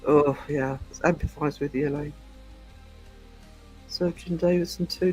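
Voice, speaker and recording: A man's voice: on the high side, steady tone, a little slow, pauses often, a little mellow, breathy edge, soft background music. A man hosting a livestream, chatting casually and rambling with many hesitations as he answers live comments. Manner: rambling, hesitant, full of ums. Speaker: livestream host.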